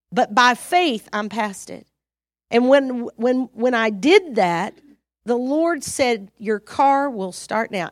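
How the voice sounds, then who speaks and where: Woman preacher, high voice, dry close sound, animated sermon with sudden loud rises. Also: dry recording. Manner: acts out her own prayers and dialogues.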